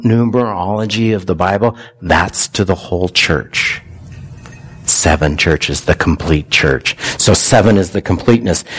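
Conversational man preaching a sermon. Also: fairly low pitch. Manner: conversational, asks the congregation questions. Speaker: pastor.

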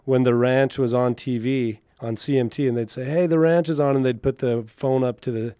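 A man's voice: medium pitch, level tone, moderate pace, dark tone, clean tone, no room sound, clean studio sound. A man from Canada, a country singer, chatting casually as an interview guest and telling stories. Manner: chatty storyteller, laughs easily.

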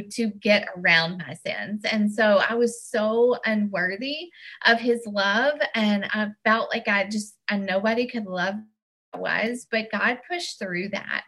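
A woman's voice: mid-range voice, pushed and bright. A woman giving a personal faith testimony, earnest and heartfelt, sometimes restarting her words. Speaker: church member giving testimony.

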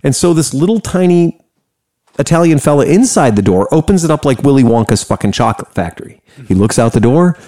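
An American man casually telling a story, animated and profane, laughing often. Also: medium pitch. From United States.

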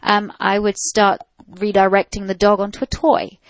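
Answering listener questions as a dog trainer on call-in radio, a woman offers practical advice in a chatty way, often restarting and using fillers. Her mid-range voice is monotone at a moderate pace, with no room sound.

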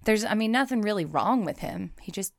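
A woman's voice: mid-range voice, expressive, brisk, dry recording, clean studio sound. A woman co-hosting a podcast, chatting casually about a movie and rattling off an actor's credits. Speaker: podcast co-host.

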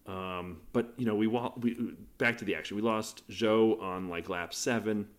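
A man's voice: on the low side, fairly even intonation, normal speed. A man co-hosting a podcast, chatting casually through a race recap and jumping from moment to moment. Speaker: podcast co-host.

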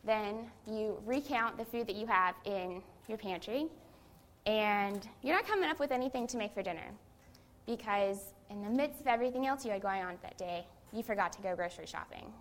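A woman's voice: medium pitch, normal speed, slight background noise. A young adult woman, a seminary student, giving a conversational sermon that opens with a self-deprecating personal story.

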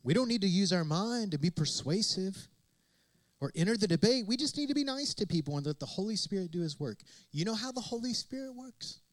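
A man's voice: high voice, expressive, a little fast, dry recording, rough recording. A man preaching a sermon as pastor, emphatic and repetitive, asking rhetorical questions of his congregation.

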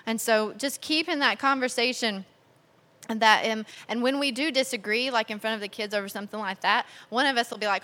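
A woman in her thirties talks to an audience about married life in a loose, chatty way. Her voice is fairly high and very bright, and she laughs through her stories. When she quotes herself, she jumps higher and louder. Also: fairly quick, in a large hall. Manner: chatty, animated, laughs while telling stories. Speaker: speaker sharing marriage advice. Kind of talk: personal talk to an audience.

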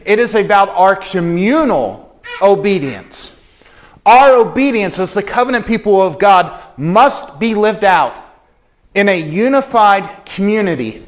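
A man preaching an evening sermon, his voice a touch higher than most men's. He speaks earnestly and with emphasis, and he drives his points home by repeating key phrases.

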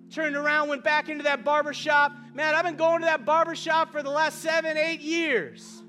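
A man preaching a sermon, impassioned and often shouting, mixing in humor and personal stories. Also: extremely high pitch, fairly even intonation, moderate pace, few pauses.

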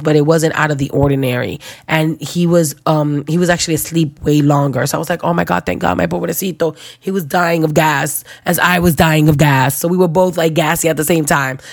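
Young woman, low-pitched, dry close sound, animated storyteller who voices everyone in the tale. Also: fairly quick, creaky, hardly any pauses, dry recording. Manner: animated, acts out other people's voices, slangy. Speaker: new mother. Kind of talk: casual storytelling.

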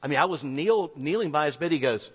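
A man's voice: fairly high pitch, animated, fairly quick, a bit bright, slightly rough. A man, a pastor telling a personal story in a sermon, earnest and conversational with frequent restarts. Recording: echoey hall, dull lo-fi sound.

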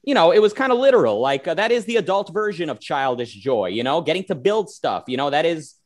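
A man hosting a casual panel talk, animated and rambling with many fillers, reading out viewer comments. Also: on the high side, fairly quick. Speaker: host.

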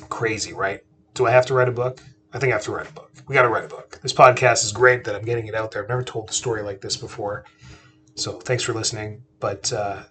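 A man's voice: lowish voice, fairly bright tone. Chatty man telling a family story. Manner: chatty, repeats and restarts, asks listeners rhetorical questions. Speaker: podcast host. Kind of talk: casual storytelling monologue.

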